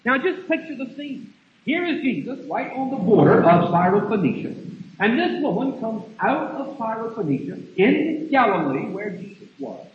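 Emphatic preacher man, high lively voice. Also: moderate pace, dull audio, a little hiss or hum. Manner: emphatic, rhetorical questions to the congregation. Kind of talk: sermon.

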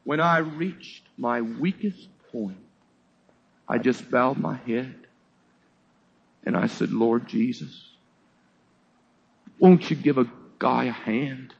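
A male preacher voicing a humble, tearful grown man who has quit drinking, in a softer, lower voice than his narration. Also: takes it slowly, vocal fry, long pauses, slightly rough, exaggerated voice. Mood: tender. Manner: soft, low and tender next to the preacher's narration. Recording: dull lo-fi sermon recording.

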